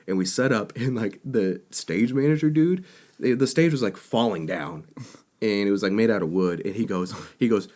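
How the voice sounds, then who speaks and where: A young man with a fairly low voice tells a road story as a podcast co-host. He talks casually and gets animated as he acts out what people said. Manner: animated, quick to act out quotes.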